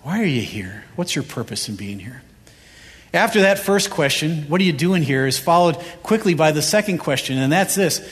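A man's voice: a little high, lively intonation, normal speed. A male pastor preaching a sermon, driving his points home with repeated rhetorical questions. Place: church sanctuary. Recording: reverberant church hall.

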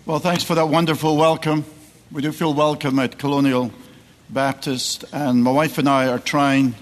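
A man's voice: fairly high pitch, level tone, moderate pace, slight background noise. A middle-aged man from Scotland with a Scottish accent, a guest preacher giving a sermon that moves from joking asides to emphatic preaching. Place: large church sanctuary. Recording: long church hall reverb.

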